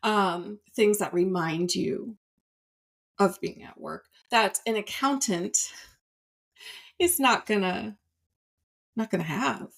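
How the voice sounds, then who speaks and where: A woman's voice: mid-range voice, takes it slowly, creaky, long pauses. A woman therapist, a guest on a podcast, explaining in casual conversation with plenty of fillers. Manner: explaining plainly with many "like" and "um" fillers.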